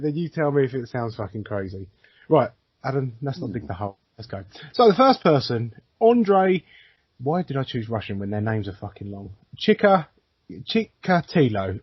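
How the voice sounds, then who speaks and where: A man's voice: mid-range voice, slightly rough, no echo, lo-fi sound. A man co-hosting a casual podcast, telling stories with plenty of swearing and frequent laughter. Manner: swears a lot, laughs often, lively storytelling. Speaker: podcast co-host.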